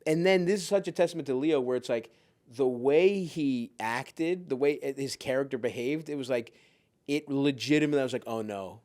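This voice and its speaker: A man talking casually as a podcast guest, excitable and profane, full of fillers and quick restarts. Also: medium pitch.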